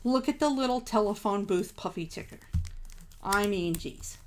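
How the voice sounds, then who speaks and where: A woman's voice: medium pitch, moderate pace, a little mellow. A woman hosting a live crafting stream, chatting casually with viewers, gushing over supplies and laughing at herself. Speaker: craft livestream host.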